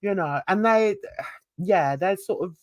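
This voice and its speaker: A chatty older Englishwoman hosting a relaxed talk, opinionated and given to rambling tangents. Her pitch sits in an ordinary middle range. The sound is close and dry. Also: takes it slowly, dry recording. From London. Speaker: host. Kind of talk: casual chat.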